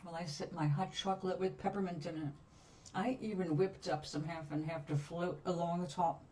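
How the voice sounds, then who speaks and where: Female live-stream host, calm and chatty, slow with pauses; slightly distant mic, faint background noise. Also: lowish voice. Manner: soothing, chatty and unhurried, with long pauses. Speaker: livestream host reading cards for viewers. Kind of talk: relaxed live chat with viewers.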